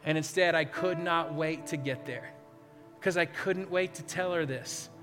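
A middle-aged man preaching an Easter sermon as a pastor, telling a story earnestly and swinging between loud emphasis and hushed moments. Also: on the high side, unhurried. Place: large church hall with live band. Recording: reverberant hall with faint band music.

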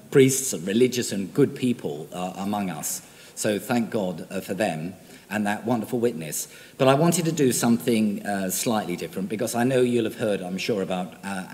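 A man's voice: on the low side, in a large hall. An older male priest with an English accent, born in Australia, giving a conversational, self-deprecating homily with frequent fillers.

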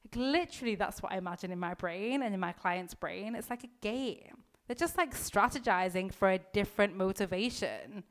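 A woman's voice: medium pitch, moderate pace. Chatty woman coaching with emphatic energy. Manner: chatty, heavy use of "like", occasional swearing; emphatic, coaching directly to the listener. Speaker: mindset coach. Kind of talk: casual motivational podcast talk.

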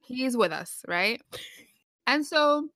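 A young woman co-hosting a casual podcast, spinning anecdotes with easy laughter. Her voice is bright and clear, and the recording is dry and close, with no room sound. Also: sits high, animated, slow, no echo. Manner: chatty storytelling, laughs often. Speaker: podcast co-host. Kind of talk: casual chat.

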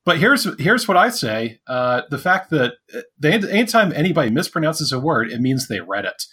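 A man with a husky, slightly raspy voice trades dry deadpan jokes on a casual podcast. He stumbles and restarts as he talks through stories. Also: a little high, normal speed. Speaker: podcast co-host.

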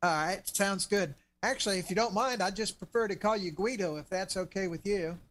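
A man's voice: sits high, a little fast, fairly bright tone. A man co-hosting a radio segment, chatting in a friendly, casual way. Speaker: co-host, author.

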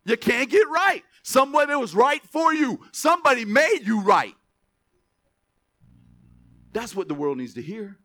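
A man preaching a sermon as pastor, reading verses slowly with emphasis, then dropping into quick asides to the church. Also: very high-pitched. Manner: animated, stretches scripture words for emphasis, drops to asides.

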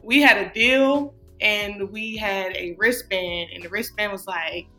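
A woman's voice: mid-range voice, steady tone, measured pace, sharp tone, faint music behind. A woman, chatting casually as a podcast co-host, rambling and laughing often. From Atlanta, USA. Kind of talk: casual chat.

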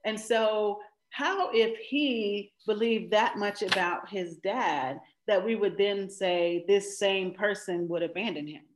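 A woman talks over a video call in a casual faith conversation. She speaks thoughtfully, pausing with fillers as she searches for her words, in a mid-range voice. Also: mid-range voice, noisy background. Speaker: guest.

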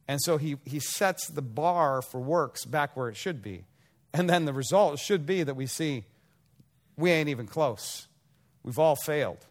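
A man preaching a sermon as pastor, speaking in a conversational way with frequent restarts and playful acted-out asides. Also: fairly high pitch.

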